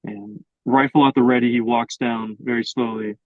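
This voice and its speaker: A man's voice: mid-range voice, steady tone, normal speed, no echo, phone-quality sound. A young adult man improvising a story as co-host, narrating in a hesitant, filler-heavy way. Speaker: podcast co-host.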